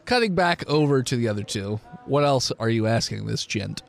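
A man narrating a tabletop game as game master, calling for rolls and directing the players in a relaxed way. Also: mid-range voice, normal speed, vocal fry, faint music behind.

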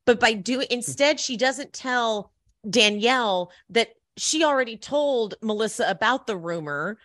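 Female podcast host, energetic rants, voice swings up and down, dry close mic. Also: a little high, a little slow, dry recording. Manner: animated, exasperated, swears freely. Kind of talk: casual chat.

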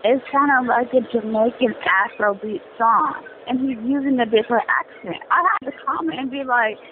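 A woman with a slight speech impediment ranting in an exasperated, animated way during a casual chat. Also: on the high side, moderate pace. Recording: tinny phone-like sound with faint noise.

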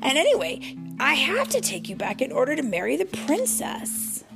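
A woman voicing a kind-hearted young prince who speaks softly and earnestly and stammers when surprised. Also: high-pitched, huge pitch swings, normal speed, creaky, music in the background, full character voice. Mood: coaxing.

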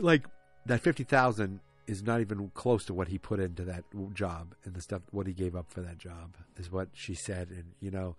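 Faint music plays behind this low-voiced man as he talks at normal speed. Hosting a podcast, he rambles through an episode recap, joking, going off on asides, and cutting himself off.

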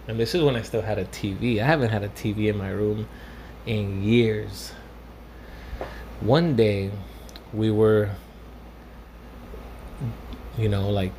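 A young man with a lowish voice tells a rambling, casual story packed with fillers and swearing, occasionally dropping into Spanish phrases. There's a little hiss or hum in the audio.

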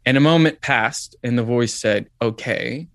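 Male guest, mid-pitch, dry close sound, reflective storytelling with frequent fillers. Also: moderate pace, no room sound. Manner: reflective, lots of "like" and "um". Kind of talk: telling a personal story.

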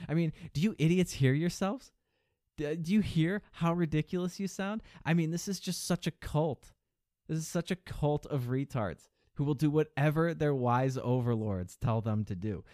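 A man's voice: measured pace, mellow, dry recording, clean studio sound. A man hosting a podcast, delivering a sneering, profane political rant and mocking his opponents. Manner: mimics opponents in a higher mocking voice. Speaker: podcast host. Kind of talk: political commentary monologue.

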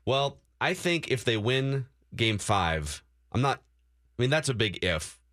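A man's voice: mid-range voice, big pitch swings, a little slow, fairly bright tone, no room sound. A male sports radio host talking in an upbeat, chatty way.

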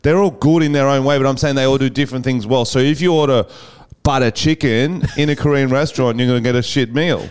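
A man's voice: medium pitch, fast talker, hardly any pauses, clear, resonant tone. A man co-hosting a casual comedy podcast, joking and teasing with frequent laughter. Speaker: podcast co-host.

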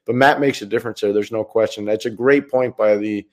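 A man's voice: fairly low pitch, steady tone, fairly quick. A man co-hosting a sports podcast as a hockey analyst, talking earnestly and often repeating words as he restarts sentences. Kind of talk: casual sports chat.

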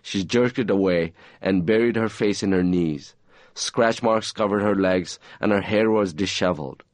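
A man reading aloud from his own novel in a measured, even storytelling manner. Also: deep voice, dry recording.

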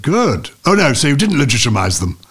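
A man's voice: mid-range voice, sing-song, a little fast, over a noisy crowd. An older man hosting an interview, asking questions with dry, teasing remarks. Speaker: host.

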